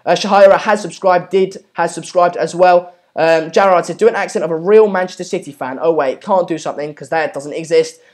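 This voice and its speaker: Brisk and barely pausing, a young man with a high, slightly mellow voice hosts a live football watchalong. He chats about the play and reads viewer comments with lots of ums, repeatedly urging the audience to subscribe.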